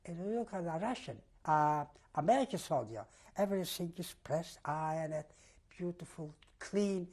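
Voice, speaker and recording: An older man giving an oral history testimony in halting, non-native English, often repeating himself as he retells events vividly. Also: a little high, animated, darkish tone. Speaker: testimony giver.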